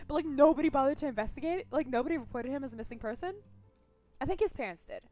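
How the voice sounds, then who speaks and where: A young woman streaming a story game, chatting casually, swearing freely and thinking out loud. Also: sits high, racing, soft background music. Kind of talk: casual gameplay commentary.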